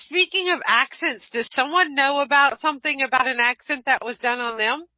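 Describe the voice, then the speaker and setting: A woman hosting an online radio show in casual chat, blunt and animated, swearing freely. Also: high-pitched, fairly quick, no echo. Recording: dull lo-fi online radio, dry.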